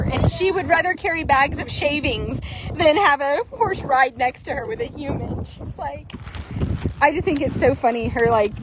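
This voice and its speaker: A woman's voice: high-pitched, low-quality recording. A woman riding a horse outdoors, chatting casually and playfully putting silly thoughts into the animals' mouths. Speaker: horse trainer riding and narrating. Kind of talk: casual chat while riding. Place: outdoor horse barn or arena.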